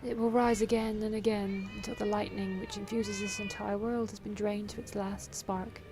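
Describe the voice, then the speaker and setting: A woman's voice: medium pitch, little pitch movement, normal speed, over music, lightly acted. Woman reading as a solemn male villain. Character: cold, grandiose male villain scholar.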